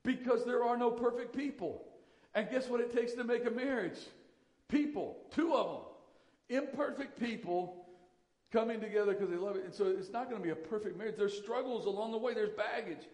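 A man's voice: extremely high pitch, a little fast, a little mellow, echoey room, long reverb tail. A man preaching a sermon as pastor, emphatic and repeating his key lines.

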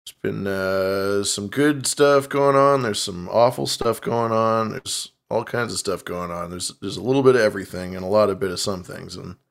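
A man's voice: fairly low pitch, moderate pace, vocal fry, few pauses. A man co-hosting a podcast, chatting casually in an easygoing, rambling way. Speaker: podcast co-host. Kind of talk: casual chat.

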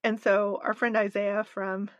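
A woman's voice: medium pitch, flat delivery, a little slow, no echo, highs cut off. Wry woman co-host, dry close sound. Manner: wry, reads from notes, dry jokes. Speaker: podcast co-host. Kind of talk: casual chat.

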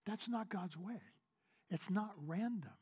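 A man from Kentucky preaching a sermon as pastor, asking the congregation questions and swinging between loud emphasis and soft, hushed lines. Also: high voice, measured pace, slightly rough.

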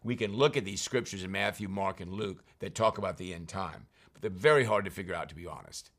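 A man's voice: deep voice, quick pace, fairly bright tone. A man teaching from scripture, reading verses aloud and then explaining them in plain, conversational terms. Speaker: preacher.

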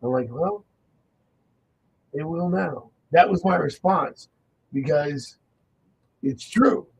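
Brief: male faith-radio host, gravelly tone, animated storyteller who acts out quotes. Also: fairly high pitch, slow pace, dull audio.

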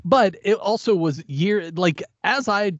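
Wry, fairly high-voiced male podcast co-host. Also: unhurried, no room sound, lo-fi sound. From the American South. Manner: candid, wry, joking. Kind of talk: casual chat.

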